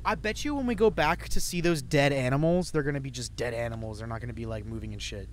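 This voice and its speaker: A man's voice: mid-range voice, fast, slight background noise. A young man giving casual, profane, jokey commentary while playing a game. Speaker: let's play host.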